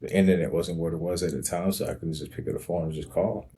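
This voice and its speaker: A man hosting his own show, slowly and reflectively recounting his life story with frequent pauses and ums. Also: sits low, mellow, slight background noise. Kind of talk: personal storytelling monologue.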